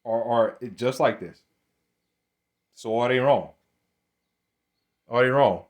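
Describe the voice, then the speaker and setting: A man's voice: mid-range voice, slow. Guy doing blunt commentary to camera, keeps saying "man", repeats himself a lot. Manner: repeats words and restarts often; keeps addressing listeners as "man". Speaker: religious commentator.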